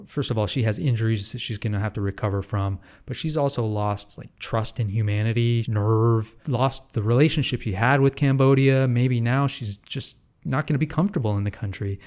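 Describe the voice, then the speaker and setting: A man's voice: medium pitch, fairly quick, hardly any pauses, a little mellow. Canadian guy, travel vlogger; casual, chatty, sarcastic asides; mid-range voice. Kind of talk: casual vlog commentary.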